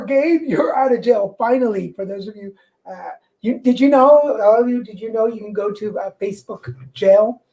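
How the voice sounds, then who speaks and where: A woman with a slight Mexican accent, hosting a livestream tarot show and chatting casually and excitedly to viewers, often restarting her sentences. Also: mid-range voice, rough recording. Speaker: livestream tarot reader host. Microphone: corded mic.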